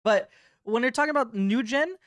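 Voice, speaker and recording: A woman's voice: on the high side, brisk. A young woman co-hosting a podcast in casual chat, blunt and opinionated, swearing freely. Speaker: podcast co-host.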